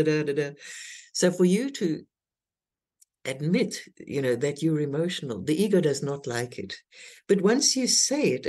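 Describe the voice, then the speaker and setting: A woman's voice: low-pitched, warm tone. A woman, a guest teacher, talking earnestly in an interview and explaining her ideas step by step. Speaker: guest, intimacy teacher and author. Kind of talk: interview conversation.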